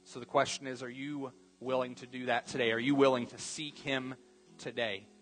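Earnest male pastor preaching over soft guitar. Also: medium pitch, flat delivery. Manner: earnest preaching, repeats key phrases, slows for emphasis. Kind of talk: sermon.

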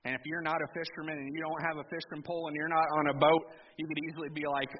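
A man's voice: a little high, little pitch movement, quick pace, few pauses. Man preaching in a reverberant church hall. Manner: conversational, with rhetorical questions to the congregation. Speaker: pastor. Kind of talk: sermon. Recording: reverberant hall, dull lo-fi sound with background noise.

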